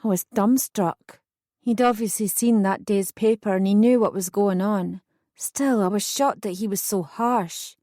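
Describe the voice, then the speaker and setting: A woman reading a first-person true story as an audiobook narrator, in steady, earnest scripted narration. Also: mid-range voice, a little slow, dry recording, studio quality.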